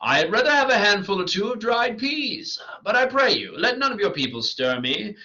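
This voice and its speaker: A man's voice: high voice, very animated, moderate pace, sharp tone, pitched above the performer's own voice, exaggerated voice. A man reading the part of a foolish male weaver with a donkey's head, in a boastful, bumbling manner. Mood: greedy. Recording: lo-fi dull recording.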